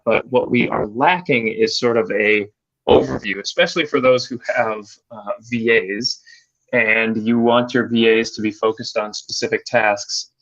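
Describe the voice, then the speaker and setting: A man from a product team casually explaining upcoming software features in an easygoing way that trails off quietly. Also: lowish voice, lo-fi sound.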